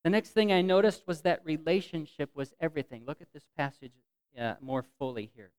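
A man's voice: on the high side, animated, fairly quick, a little mellow, clear, resonant tone, no room sound, rough recording. A middle-aged man preaching a sermon in church, earnest, reading scripture aloud with a voice that swells and drops. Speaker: pastor.

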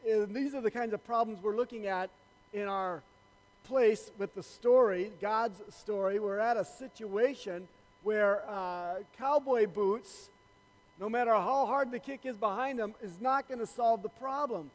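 A man's voice: high voice, measured pace, in a large hall, rough recording. A man preaching a sermon to his church, telling a joke in a loose, conversational way with many fillers. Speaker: pastor.

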